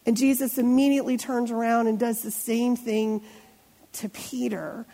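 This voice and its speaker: Middle-aged woman pastor, relaxed conversational sermon, slightly high voice, reverberant sanctuary. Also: moderate pace. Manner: conversational, asks the congregation questions. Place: church sanctuary. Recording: long church reverb.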